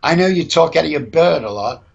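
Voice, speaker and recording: A man's voice: on the high side, lively intonation, brisk, gravelly, husky, highs cut off. A man hosting a mock-serious comedy news show, rambling and stammering as he improvises.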